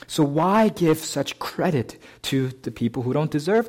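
A man preaching a sermon as pastor, in a conversational way, often asking "right?" and lifting and slowing his voice on key phrases. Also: expressive, a little mellow. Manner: conversational, often adds "right?" to check with listeners; lifts pitch and slows to stress key phrases.

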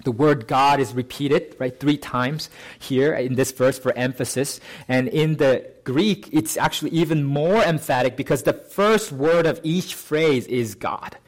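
A man preaching a sermon in a plain, conversational tone, often checking in with his listeners. His voice sits in a middle pitch, and he lifts it and slows down on the phrases he wants to stress. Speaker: pastor.

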